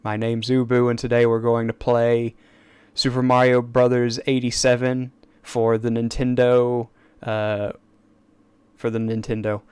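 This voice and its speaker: A man voicing a cheery little male VTuber mascot in a soft, low, self-promoting way during a casual stream. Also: completely flat delivery, a little slow, clear, resonant tone, dry recording, lightly acted. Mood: self-satisfied. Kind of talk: playful character voice on a stream.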